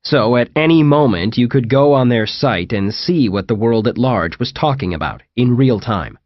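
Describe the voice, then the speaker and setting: A man's voice: medium pitch, animated, moderate pace, no room sound, highs cut off. A man narrating a first-person comic horror audiobook in a wry storytelling manner. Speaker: audiobook reader.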